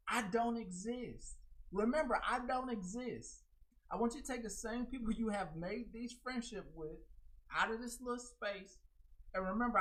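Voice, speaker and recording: A woman hosting her own livestream, ranting bluntly and profanely, mocking people in high, loud put-on quotes. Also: rough recording. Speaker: livestream host. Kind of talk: unscripted livestream rant.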